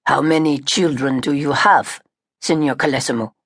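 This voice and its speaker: A woman playing a gravelly, tired German colonel. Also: a bass voice, moderate pace, a bit bright, no room sound, studio quality, pitched below the performer's own voice, full character voice. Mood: polite. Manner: tired, pleasant.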